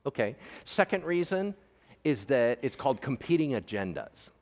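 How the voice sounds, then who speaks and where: A male pastor preaching a sermon in a lively, conversational and joking manner. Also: mid-range voice, normal speed. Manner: animated, jokey, conversational preaching. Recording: long hall reverb.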